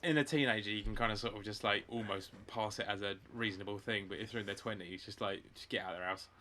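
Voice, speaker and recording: A man's voice: lowish voice, steady tone, fast, pushed and bright, a little hiss or hum. A man co-hosting a podcast in casual chat, making dry, wry remarks. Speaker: podcast co-host.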